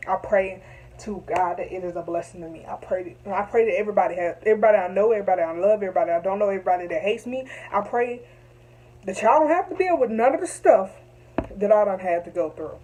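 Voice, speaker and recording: A woman's voice: medium pitch, fast, mellow, slightly rough, poor audio. A young woman telling a story to camera, emphatic and repetitive, heated at times. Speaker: vlogger.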